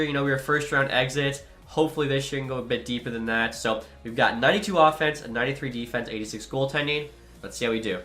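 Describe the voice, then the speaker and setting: A man's voice: mid-range voice, pushed and bright. A young man giving upbeat, chatty commentary over a hockey video game. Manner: upbeat, quick, chatty with filler. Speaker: gaming YouTuber.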